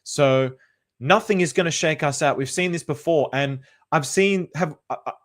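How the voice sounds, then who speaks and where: A man's voice: a little high, moderate pace. An Australian man hosting a casual livestream, chatty and upbeat, greeting viewers by name and repeating phrases as he talks. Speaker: livestream host.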